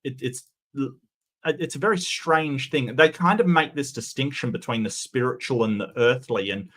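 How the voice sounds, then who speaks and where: A man's voice: mid-range voice, normal speed, a bit bright. A man giving sarcastic, mocking reaction commentary, often stumbling and restarting his sentences.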